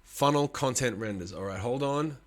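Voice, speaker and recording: A man's voice: mid-range voice, moderate pace. A man hosting a live stream, chatting casually with his viewers, swearing often and teasing them with bursts of laughter.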